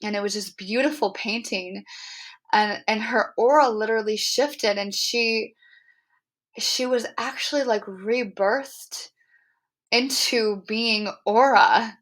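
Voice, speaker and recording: A young adult woman hosting a podcast, telling a personal story in an earnest, animated way, full of "like" and "um". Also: on the high side, takes it slowly. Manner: earnest, animated, heavy use of "like" and "um". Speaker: podcast host.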